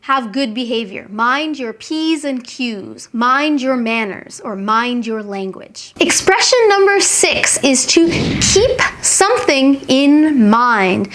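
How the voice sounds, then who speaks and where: High-pitched woman, English teacher, clear deliberate delivery, slow model phrases. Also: animated, fairly bright tone. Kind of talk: scripted English lesson.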